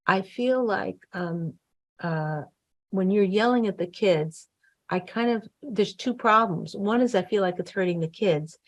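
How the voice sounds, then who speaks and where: A woman hosting a talk show, coaching in a casual chatty way, often acting out what wives and husbands might say. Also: lowish voice. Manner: chatty, acts out quoted voices, frequent fillers and restarts.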